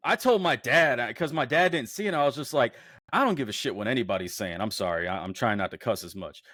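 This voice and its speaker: A fired-up man on a sports podcast who jumps from low, grumbling stretches into loud, cursing rants. His voice sits in a middle pitch, and it was recorded close up in a dry, dead room. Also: fast talker, no echo. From Houston area. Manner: heated, profane, animated rants. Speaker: podcast co-host. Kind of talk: casual sports chat.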